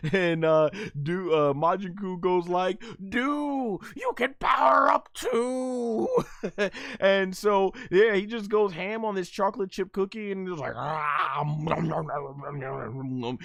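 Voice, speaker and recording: Excitable man reviewing an anime episode. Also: a little high, smooth, no echo. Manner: excitable, laughs often, acts out characters' shouts. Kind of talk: excited commentary on a livestream.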